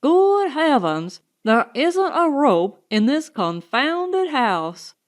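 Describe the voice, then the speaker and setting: Woman putting on harried young man; loud, impatient outbursts. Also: very high voice, big pitch swings, drawn-out words, pitched above the performer's own voice, heavily acted. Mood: frantic. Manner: exclamatory, exasperated. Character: frantic, dirt-covered young man hunting a rope.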